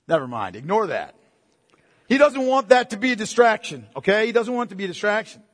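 A man's voice: high voice, a bit bright, big-room sound. A man preaching a sermon in a conversational, emphatic way, repeating phrases and throwing in "man" as an aside.

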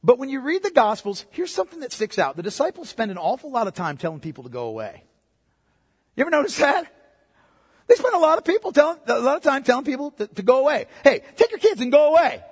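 A middle-aged man preaching a sermon, conversational and animated, with joking asides. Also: extremely high pitch, quick pace, breathy edge. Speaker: pastor. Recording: reverberant hall.

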